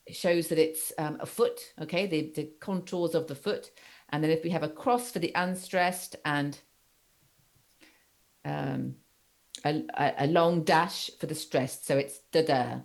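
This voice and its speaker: A woman teacher giving a seminar lecture, talking haltingly with many fillers and often checking that students follow. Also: low-pitched.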